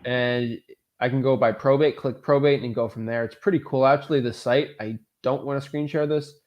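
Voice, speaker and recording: A man's voice: mid-range voice, fairly even intonation, normal speed, muffled recording. A man hosting a casual live coaching Q&A, talking in a loose, rambling, upbeat way with lots of fillers. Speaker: real estate wholesaling coach and host.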